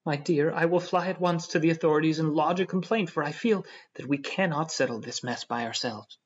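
A man voicing an excitable, tearful young wife who pleads and frets. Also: on the high side, brisk, voice pushed up, close to an everyday voice. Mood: anxious pleading. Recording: dull lo-fi audio.

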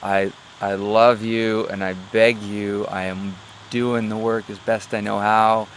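Desperate poor man, as a man acts him out, begging in a raised, louder voice, repeating please again and again. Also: on the low side, flat delivery, normal speed, noisy background, lightly acted. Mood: pleading. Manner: pleading, repetitive begging.

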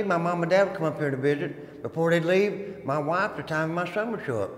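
A man's fairly high voice, slightly quick, carries through a stone hall with a long echo as he tours an old prison where he was once an inmate. Faint music plays behind him while he delivers dramatic, folksy stories and calls his listeners "guys."

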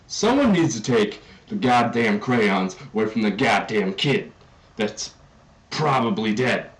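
A man's voice: lowish voice, distant mic, rough recording. Jumpy swearing man playing a horror game. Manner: jumpy, swearing, nervous joking. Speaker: gaming YouTuber. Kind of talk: horror game let's play commentary.

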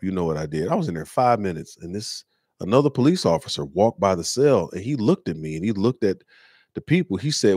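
Earnest low-voiced man telling a story. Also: very animated, a little fast, darkish tone, slightly rough, no room sound, studio quality. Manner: earnest, conversational, slangy. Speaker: host. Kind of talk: casual storytelling monologue.

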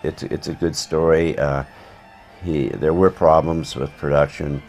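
A man with an extraordinarily low, rumbling voice, recounting stories from a career in acting. He rambles along with dry, wry asides in an easygoing interview manner. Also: level tone, unhurried, over loud music. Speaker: actor being interviewed. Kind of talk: casual anecdotal storytelling.

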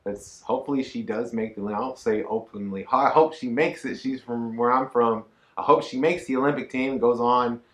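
A woman's voice: a bass voice, steady tone, normal speed. A woman with a Southern US accent co-hosting a casual chat show, rambling and restarting her sentences with a joking streak. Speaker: co-host. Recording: echoey room.

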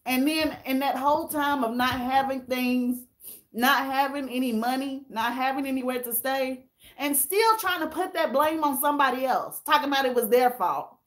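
High-voiced tearful woman chatting live. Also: moderate pace, a bit bright. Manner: candid and emotional, addressing viewers as y'all. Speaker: livestream host reading viewer comments. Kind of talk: casual livestream chat.

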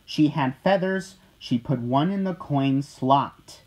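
A storyteller reading a children's picture book aloud in a gentle, expressive way. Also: medium pitch, slow pace, poor audio.

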